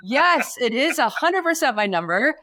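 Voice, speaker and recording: A woman in her forties, a podcast guest telling her story in a lively way and acting out the voices she quotes. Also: moderate pace, dry recording, studio quality. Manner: animated, acts out quoted voices with big pitch jumps. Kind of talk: storytelling in a casual interview.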